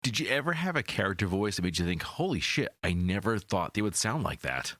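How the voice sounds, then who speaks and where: A man's voice: deep voice, big pitch swings, fast, a bit bright, no echo. A man interviewing an author, asking casual, jokey questions.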